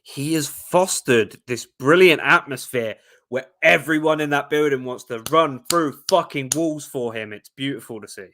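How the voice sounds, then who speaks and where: A young man appearing as a guest on a sports podcast, speaking with a bright, forceful tone at a middle pitch. He is casual and self-deprecating, laughing easily as he talks football and plugs his own show. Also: moderate pace, hardly any pauses.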